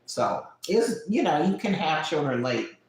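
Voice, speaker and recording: Speaking in a low pitch, this woman in her late thirties is very animated yet unhurried. She chats candidly with home viewers on a casual live stream, laughing frequently and snacking as she goes. The space is highly echoey.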